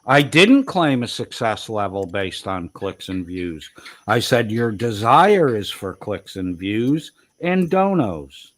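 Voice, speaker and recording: A man's voice: fairly low pitch, big pitch swings, slow pace, no echo. A man arguing heatedly on a livestream, swearing and berating his opponent. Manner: profane, aggressive, berating. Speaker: livestream debater.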